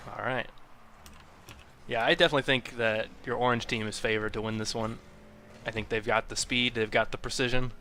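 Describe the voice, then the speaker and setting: A man calling live play-by-play for an online game tournament, quick and jokey. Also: medium pitch, fairly even intonation, bright, forceful tone, slight background noise. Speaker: esports caster.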